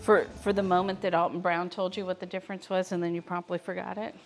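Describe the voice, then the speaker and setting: A woman's voice: lowish voice, flat delivery, fast talker. Woman, cooking show host, chatty, talks to viewers while cooking, home kitchen, faint music. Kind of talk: live-streamed cooking demonstration.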